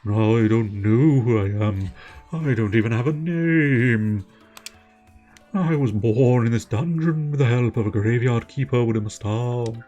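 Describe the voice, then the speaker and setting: A man voicing a bewildered, newly born male skull creature in a video game, speaking slowly and with puzzlement. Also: medium pitch, warm tone, muffled recording, soft background music, natural voice.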